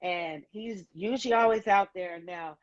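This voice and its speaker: A woman hosting a casual talk show, telling stories in a lively, emphatic, joking way. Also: on the low side, a little slow. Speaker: host. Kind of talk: casual chat. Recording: dull lo-fi sound.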